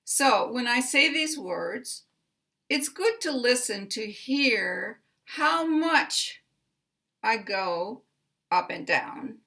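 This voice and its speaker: Middle-aged American woman, pronunciation teacher, bright tone, very slow and deliberate delivery. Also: on the high side, expressive, gravelly. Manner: deliberate, carefully enunciated, repeats example words. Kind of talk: slow instructional explanation.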